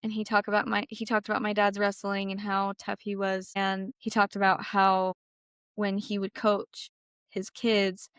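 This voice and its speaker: A woman's voice: completely flat delivery, moderate pace, a bit bright, clear, resonant tone, no room sound, studio quality. A young woman, a guest on an interview show, telling a personal story of loss, speaking casually and saying "like" often. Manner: heavy use of "like", quotes herself in a higher voice.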